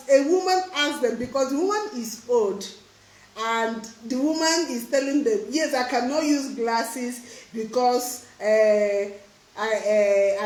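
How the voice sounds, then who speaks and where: High-pitched woman eye doctor doing a live q&a, laughs a lot, earnest, roomy echo on her voice. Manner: laughs often, earnest and emphatic. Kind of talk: live stream Q&A, casual advice.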